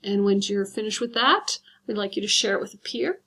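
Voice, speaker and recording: A woman teacher giving a recorded lesson, patiently explaining step by step and slowing down to count things out. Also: medium pitch, pushed and bright. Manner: patient, instructive, guides step by step.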